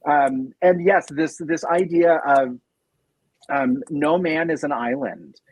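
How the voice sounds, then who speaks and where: A man with a slightly high, husky voice talks as a podcast guest. He is thoughtful, leaning on fillers and restarting his sentences. The recording is dull and lo-fi, with a dry, close sound. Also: slow pace, no room sound. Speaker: podcast guest, nonprofit operations director. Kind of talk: casual interview conversation.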